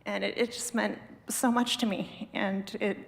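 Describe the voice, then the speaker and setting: Tearful woman, halting eulogy. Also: medium pitch, fairly even intonation, vocal fry. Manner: halting, with many fillers and restarts. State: tearful, emotional. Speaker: friend giving a eulogy. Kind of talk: memorial tribute speech. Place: spiritual center sanctuary. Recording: echoey hall reverb.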